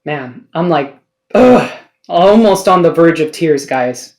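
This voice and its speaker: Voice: mid-range voice, animated, takes it slowly, creaky, darkish tone. Earnest, emotional tarot reader talking to camera. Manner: earnest, emotional, swears casually, asks rhetorical questions. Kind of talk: spiritual card reading to camera.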